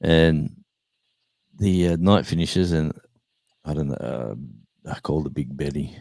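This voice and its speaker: In a casual storytelling chat he hosts live, an older man from Australia rambles through road anecdotes, restarting often and laughing. The very deep voice has vocal fry, a slightly mellow quality, and a measured pace, recorded dry.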